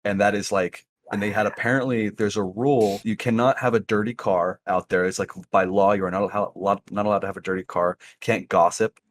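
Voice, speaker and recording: A young man co-hosting a podcast, telling a long story in an animated way and laughing often. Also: lowish voice, fairly quick, hardly any pauses. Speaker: podcast co-host. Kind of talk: casual chat, storytelling.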